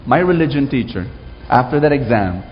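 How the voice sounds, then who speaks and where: Lively Filipino-accented man preaching. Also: mid-range voice, fairly quick, big-room sound, muffled recording, a little hiss or hum. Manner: lively, calls for audience responses. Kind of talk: sermon. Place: large hall with an audience.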